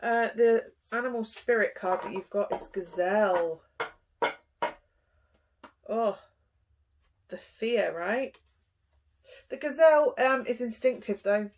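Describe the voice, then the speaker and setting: A young woman giving a casual tarot reading, chatty and animated, with frequent sighs and small gasps. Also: fairly high pitch, slow pace, long pauses, a little hiss or hum. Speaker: tarot reader.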